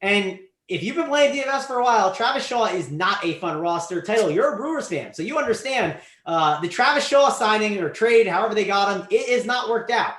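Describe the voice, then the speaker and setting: A man hosting a casual sports betting show, animated, his voice swinging up and down and trailing off quietly. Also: high-pitched, fairly quick, hardly any pauses, echoey room. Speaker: show host.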